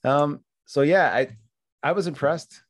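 A man's voice: a little high, measured pace, dry recording, clean studio sound. A man co-hosting a podcast, easygoing and chatty, laughing often. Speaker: podcast co-host. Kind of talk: casual chat.

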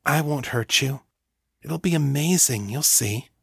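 A man reading a young man's lines in his own voice, low and teasing. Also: lively intonation, unhurried, creaky, fairly bright tone, slightly rough, no room sound, clean studio sound, exaggerated voice.

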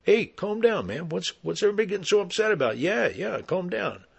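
A man voicing a huge, hostile man who shouts belligerently. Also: high-pitched, sing-song, brisk, vocal fry, husky, voice pushed up, exaggerated voice. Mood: nervous backing off.

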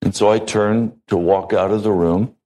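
A man preaching a sermon as a pastor, measured and deliberate, with long pauses between phrases. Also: lowish voice, fairly even intonation, dark tone, poor audio.

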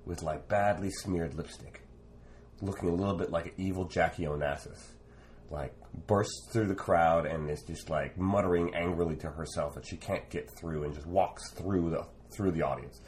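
There's a little hiss or hum behind this deep-voiced Canadian man, once a street performer, as he rambles through a conversational story. He talks at a moderate clip, animated and full of fillers.

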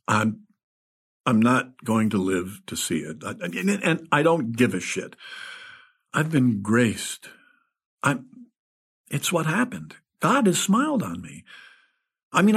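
A man's voice: mid-range voice, husky, full character voice. An actor playing an ill, older male screenwriter, rambling and sighing through a wry, desperate inner monologue. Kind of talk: audio drama with inner monologue.

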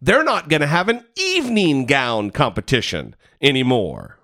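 Podcast co-host, man, sharp bright tone, lively swooping delivery, blunt and profane. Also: medium pitch, normal speed. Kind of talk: casual podcast chat.

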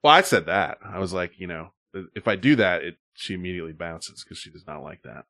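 A man's voice: sits low, lively intonation, a little fast, vocal fry, sharp tone, dry recording, studio quality. Rambling, swearing man streamer. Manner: rambling, loose, swears often. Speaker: stream co-host. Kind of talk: casual profane chat.

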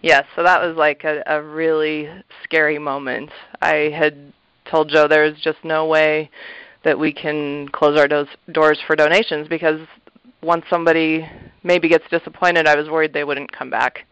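Smooth, earnest man in an interview. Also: on the high side, flat delivery, normal speed, no room sound. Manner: earnest, reflective, with soft laughs and many fillers. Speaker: thrift shop manager, interview guest. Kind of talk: casual interview answers. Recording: slightly muffled, dull audio.

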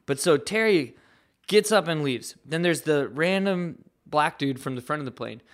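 A professional skateboarder, appearing as a podcast guest, tells a story in a fairly high voice at normal speed. His casual retelling is animated, loose and profane, packed with fillers.

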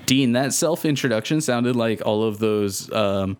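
A man's voice: mid-range voice, unhurried, clean tone. A Canadian man co-hosting a casual podcast, joking and teasing his friends. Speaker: co-host.

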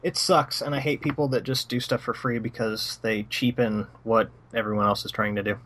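A man's voice: medium pitch, steady tone, fairly quick, a bit bright. A man co-hosting a casual podcast, blunt and profane, ranting about what annoys him. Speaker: podcast co-host.

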